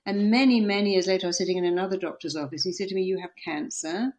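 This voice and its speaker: A middle-aged woman author, a guest on an interview podcast, telling stories with lively quoted voices. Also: medium pitch, rapid-fire. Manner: animated storytelling, acting out quoted voices.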